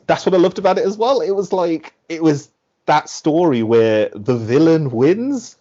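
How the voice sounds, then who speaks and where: A man's voice: a little high, moderate pace. Chatty man, muffled podcast audio. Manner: animated, acts out quotes with "like". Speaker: podcast guest. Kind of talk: casual podcast chat.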